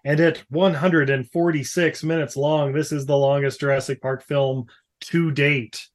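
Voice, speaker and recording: A man hosting a podcast, leading the chat in a casual, joking way with quick asides. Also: a little high, flat delivery. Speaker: podcast host.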